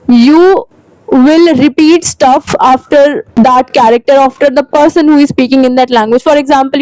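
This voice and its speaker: Young woman, Indian English accent, high voice, dry close sound, earnest chatty vlog tips. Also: darkish tone, no echo, poor audio. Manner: earnest, chatty, mixes in Hindi phrases. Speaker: language-learning vlogger. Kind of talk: casual advice vlog.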